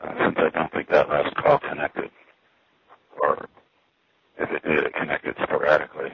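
A man's voice: extremely low pitch, completely flat delivery, normal speed, vocal fry, husky, dry recording. A man calling in from a public payphone, rambling wryly in a casual spoken diary as a payphone hobbyist. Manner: wry, meandering, self-correcting. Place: public payphone near a station. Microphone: payphone handset. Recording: tinny payphone line.

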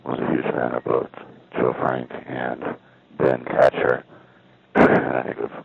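Very deep gravelly man, tinny sound. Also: completely flat delivery, measured pace, no echo. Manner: rambling, hesitant, self-doubting. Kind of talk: casual spoken monologue. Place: at a payphone.

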